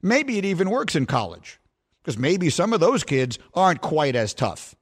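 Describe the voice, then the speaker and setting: A man's voice: fairly high pitch, very animated, moderate pace, husky. A male sports radio host delivering emphatic, scornful commentary.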